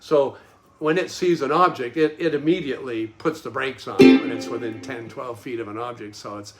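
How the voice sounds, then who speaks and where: A man's voice: mid-range voice, moderate pace, loud music behind the voice. A man casually telling a personal anecdote, acting out other people's voices and laughing at himself. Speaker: host telling a personal story. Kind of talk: casual storytelling.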